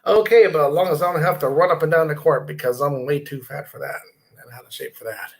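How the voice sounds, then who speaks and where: A man's voice: on the high side, fast talker. A middle-aged man hosting a casual live stream from his computer desk, rambling, reading viewer comments aloud and inviting people to join.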